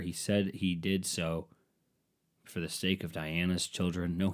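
A man's voice: on the low side, a little mellow. A man doing a rambling comic monologue, sarcastic and profane with mocking asides.

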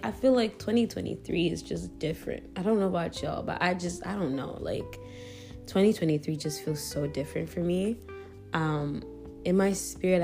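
A young adult woman hosting a Christian podcast in a relaxed, chatty way, with many fillers and self-corrections. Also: fairly low pitch. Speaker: podcast host. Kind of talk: casual faith podcast chat.

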